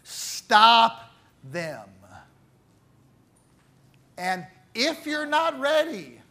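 High-voiced, bright preaching man. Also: sing-song, very slow. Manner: dramatic, swings from loud emphasis to hushed low phrases. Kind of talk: sermon.

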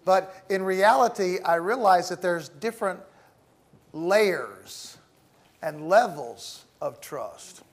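A middle-aged man giving a classroom lecture, speaking in a measured, deliberate way with pauses and the odd repeated word. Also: sits high, lively intonation. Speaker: teacher.

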